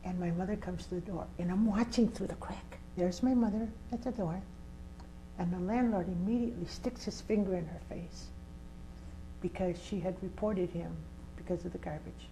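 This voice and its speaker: A woman's voice: lowish voice, moderate pace, mellow, slight background noise, low-quality recording. An older woman, a community organizer, telling a personal story in an interview with vivid, emphatic delivery. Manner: vivid, emphatic storyteller who acts out scenes.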